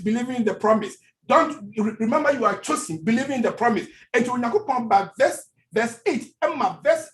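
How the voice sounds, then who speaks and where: A high-voiced male pastor with a Ghanaian accent preaches a sermon in church. He switches between languages and repeats phrases for emphasis.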